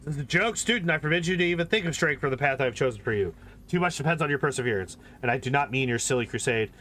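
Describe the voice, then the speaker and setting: A man's voice: mid-range voice, animated, racing, bright, forceful tone, slight background noise. A man voicing an imperious male lich mentor who lectures with cold, condescending scorn. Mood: haughty.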